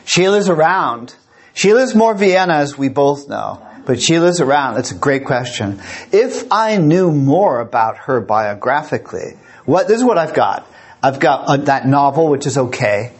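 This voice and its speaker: A man's voice: fairly high pitch, sing-song, normal speed, breathy edge. A man giving a live lecture and taking audience questions, rambling and repeating his words, openly emotional. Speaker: lecturer and museum director.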